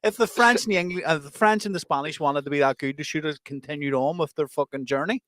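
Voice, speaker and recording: A man's voice: a little high, fast talker, fairly bright tone, no room sound, clean studio sound. Blunt Northern Irish man, sweary banter. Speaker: podcast co-host. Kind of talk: casual banter.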